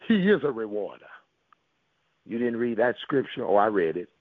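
A man's voice: lowish voice, very animated, moderate pace, pauses often, no echo. A man preaching a sermon to listeners on a call, driving his points home with rhythmic repetition and rhetorical questions. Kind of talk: sermon over a conference call. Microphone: phone call. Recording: tinny, dry phone line.

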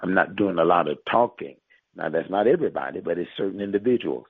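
Over a tinny phone line on a conference call, a pastor preaches and prophesies with emphasis and repetition, stretching out key phrases. His voice is deep, animated, and quick, with a breathy edge, and the recording is dry.

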